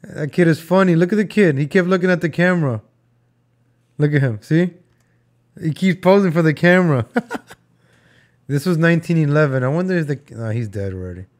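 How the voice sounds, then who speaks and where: A young man with a fairly high voice riffs on old film clips. He jokes and rambles, and he talks to his viewers as "guys" and "folks". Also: fairly quick, long pauses. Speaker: video host reacting to old footage. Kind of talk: casual reaction commentary.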